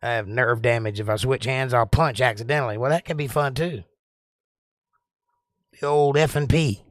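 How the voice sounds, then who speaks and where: Southern host, loose rambling chat, dry close mic, average pitch. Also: male voice, moderate pace, no room sound. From Georgia, US. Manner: rambling, joking, drawling. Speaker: livestream host. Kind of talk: casual live-stream chat reading comments.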